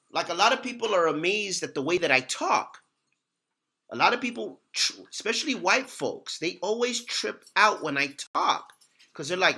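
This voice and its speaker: A man's voice: high-pitched, sharp tone. A man hosting a casual talk, speaking earnestly and repeating words for emphasis. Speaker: host. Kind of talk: casual talk about his past.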